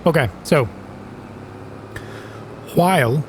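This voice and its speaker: A man's voice: a little high, drawn-out words, a little hiss or hum. A man hosting his own gaming channel, giving chatty, self-deprecating commentary while he plays and gasping with surprise at each new thing. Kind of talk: casual gameplay commentary.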